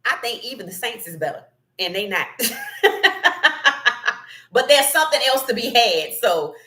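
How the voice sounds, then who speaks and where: A woman hosting a casual sports talk livestream, reading chat comments and giving animated, opinionated takes with frequent laughter. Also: a little high, a little fast.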